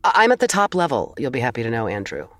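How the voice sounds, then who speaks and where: A woman talks through a frustrating story in casual conversation, sighing and swearing now and then. Her pitch swings widely as she tells it. The sound is dry and close, with no room around her. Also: fast talker, no room sound. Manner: animated, exasperated storytelling with swearing and sighs. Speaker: co-host telling a story. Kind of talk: casual chat.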